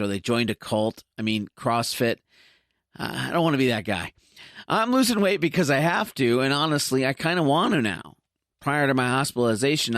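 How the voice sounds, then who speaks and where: Chatty, animated male podcast host. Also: medium pitch, dry recording, studio quality. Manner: chatty, self-deprecating, joking asides. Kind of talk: casual solo podcast monologue.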